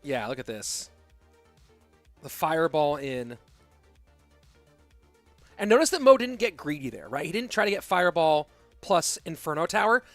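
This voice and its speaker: Male esports caster, fairly high voice, excitable play-by-play, faint music underneath. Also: moderate pace, pauses often, no echo. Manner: excitable play-by-play with rambling asides. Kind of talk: live game commentary.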